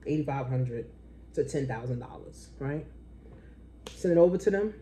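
A woman in her forties telling a story as a business coach, with a pitch that swoops up and down all the time. She talks casually, swears freely and acts out other people's words in a high, excited voice. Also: normal speed.

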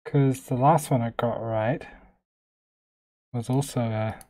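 A man talking casually while demonstrating software on his computer, thinking aloud in a relaxed, chatty way. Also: mid-range voice, takes it slowly. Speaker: tech vlogger. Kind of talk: casual screen-recorded tech demo.

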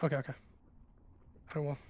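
A man playing an online game, talking quickly and eagerly with other players. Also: a crowd in the background. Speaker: fellow player. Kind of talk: casual game chat.

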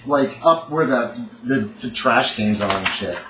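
A man's voice: mid-range voice, animated, a little slow. A man running a tabletop horror game as game master, talking loosely with many fillers and frequent laughs. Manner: loose and chatty, lots of fillers, laughs often. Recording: echoey room from a distance, dull lo-fi with background noise.

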